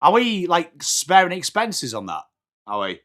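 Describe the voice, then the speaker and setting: An English man hosts a live football watchalong, greeting his chat one name after another. His voice sits high and comes across bright and forceful, with the cheery, running patter of a regular streamer. It is starting to wear a little hoarse. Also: huge pitch swings, a little slow. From England. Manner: chatty, upbeat, greeting viewers by name. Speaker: livestream watchalong host.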